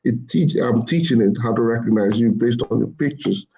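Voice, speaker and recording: A man's voice: mid-range voice, moderate pace, creaky, mellow, dull audio. A man explaining machine learning in casual talk, rambling and repeating himself as he corrects his words. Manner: rambling, repeats phrases, self-corrects often.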